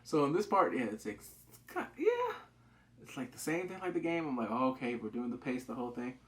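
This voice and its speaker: A man casually reviewing a TV episode, excitable, acting out quotes with big jumps in pitch and swearing loosely. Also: brisk. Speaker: TV show reviewer.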